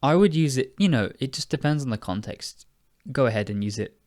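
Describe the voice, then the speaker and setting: A tired young British man talks through everyday English phrases in a chatty, rambling way, often correcting himself. His voice sits at an ordinary middle pitch. The sound is dry and close, with no room around it. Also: expressive, a little fast, a little mellow, dry recording. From United Kingdom. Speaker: podcast host and English teacher. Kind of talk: casual podcast lesson.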